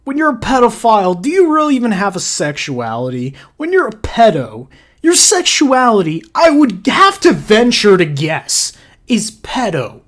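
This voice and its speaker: A woman's voice: mid-range voice, big pitch swings, moderate pace. A woman hosting a reaction commentary channel, ranting crudely and sarcastically with a stream of insults. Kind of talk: profane reaction rant.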